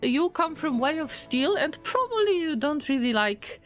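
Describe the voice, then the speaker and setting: A woman streamer giving gameplay commentary, fretting out loud and talking straight to her colonists as if they could hear her. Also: high voice, sing-song, moderate pace, soft background music. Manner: frets aloud and talks to her colonists. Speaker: game streamer.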